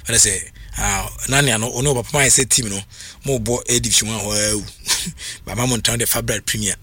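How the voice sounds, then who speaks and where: Excitable Ghanaian man, bright voice. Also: medium pitch, husky. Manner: excitable, rambling, laughs often. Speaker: radio football pundit. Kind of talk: casual radio talk.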